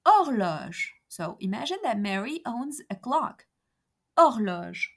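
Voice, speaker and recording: A woman teaching a beginner lesson, saying example phrases slowly and carefully. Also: on the high side, very animated, breathy edge. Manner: slow, careful over-enunciated example phrases. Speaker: French teacher.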